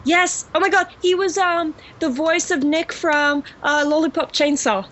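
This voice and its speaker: A woman's voice: sits high, steady tone, a little slow, fairly bright tone, slight background noise. A woman from Russia chatting as a podcast guest in a put-on English accent, gushing and giggly with lots of fillers. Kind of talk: casual podcast chat. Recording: muffled lo-fi recording.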